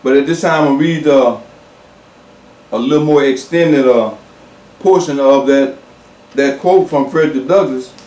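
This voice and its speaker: A man preaching a sermon, slow and emphatic, repeating key words and pausing with fillers. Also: mid-range voice, darkish tone, reverberant, recorded from a distance, a little hiss or hum.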